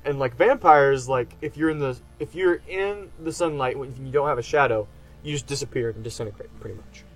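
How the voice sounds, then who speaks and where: A man's voice: medium pitch, fairly quick. A man giving a casual, enthusiastic review, rambling with lots of fillers. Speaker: anime reviewer.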